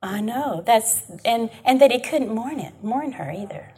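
A woman with a high, breathy voice teaching an informal Bible study. Her pitch swings widely as she talks in a chatty, emphatic way and keeps checking that her listeners are following. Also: animated, measured pace, a little mellow.

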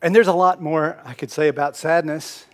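A man with a fairly high voice delivers a sermon as a pastor, telling stories in an easy conversational way. He presses some phrases loudly, then sinks to a hushed, almost whispered tone. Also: fairly even intonation, normal speed. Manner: conversational storytelling, swings from loud emphasis to hushed near-whisper.

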